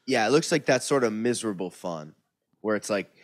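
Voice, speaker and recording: A man's voice: lowish voice, animated, a little fast, dry recording, clean studio sound. A man co-hosting a casual comedy podcast, musing in a reflective way. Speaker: co-host.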